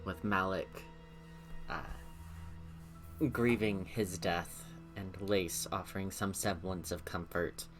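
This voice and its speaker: A game master closing a scene and opening a session of a tabletop game, slow and easygoing, often laughing. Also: sits low, fairly even intonation, faint music behind. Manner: slow, laughs easily, gently directs the table. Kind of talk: game master narration and banter.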